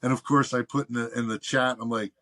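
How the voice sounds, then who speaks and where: A man's voice: medium pitch, fast. A man guest on a podcast, telling a long anecdote in casual, profane chat and acting out the people he quotes. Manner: profane, animated anecdote teller doing quoted voices. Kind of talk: casual storytelling.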